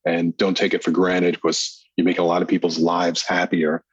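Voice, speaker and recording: A man's voice: low voice, completely flat delivery, moderate pace, breathy edge, dry recording, highs cut off. A man, a police detective as guest, talking in a laid-back, friendly way and leaning on "you know" a lot. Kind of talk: casual chat.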